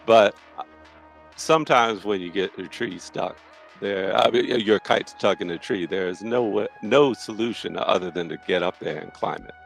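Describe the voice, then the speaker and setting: A man's voice: on the low side, moderate pace, vocal fry, faint music behind, pitched below the performer's own voice. A man voicing a friendly, genteel Southern belle lady with a drawling, polite Southern US accent.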